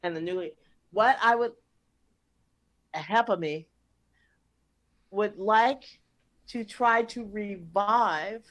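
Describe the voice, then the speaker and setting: A woman's voice: mid-range voice, slow, pauses often, fairly bright tone. An older woman improvising a comedy scene over a video call, brash and swearing freely.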